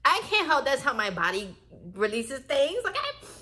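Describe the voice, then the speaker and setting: A young woman talking casually to her viewers in a spiritual vlog. She is animated and swears often, and she laughs a lot. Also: high-pitched, normal speed. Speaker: vlogger.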